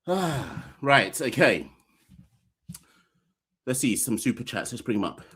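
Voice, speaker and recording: A man's voice: mid-range voice, very animated, takes it slowly, bright, forceful tone, breathy edge. A man hosting a live cricket podcast stream, reading super chats and giving blunt opinions in slangy, playful talk. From Caribbean. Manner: joking, playful fake fitness-instructor bit. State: out of breath. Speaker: podcast host.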